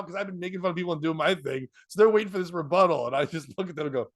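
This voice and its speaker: A high-pitched, fast-talking man with a fairly bright tone, this comedian and podcast host tells a story loosely. He laughs throughout, swears freely and voices other people's lines.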